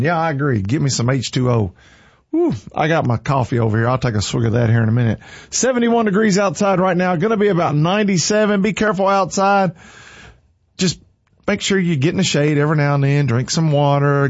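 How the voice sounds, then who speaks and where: An out-of-breath man leading worship, with a husky voice that swings widely in pitch. He talks in a folksy, exclamatory way. The sound is dull and lo-fi. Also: a little mellow, no echo. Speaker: worship leader. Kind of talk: excited church livestream chat.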